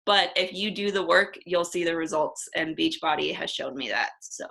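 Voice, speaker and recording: A young woman in her twenties speaks on a video call in a bright, ringing voice. She is blunt and chatty, with a casual swear word here and there, and she sounds relaxed and candid. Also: on the low side, moderate pace, gravelly, rough recording. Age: 20s. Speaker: guest coach.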